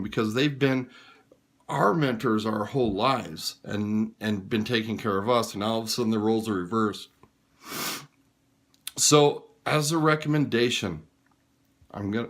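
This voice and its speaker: Man, low-voiced, plain-spoken advisor; tired, frank, informal delivery of practical care advice. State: tired and yawning.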